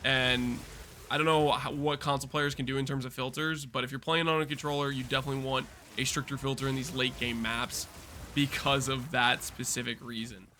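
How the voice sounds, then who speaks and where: A man's voice: medium pitch, level tone, brisk, bright, forceful tone, a little hiss or hum. A man casually talking through a game build guide while playing, chatty and explanatory, with loose restarts. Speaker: gaming content creator.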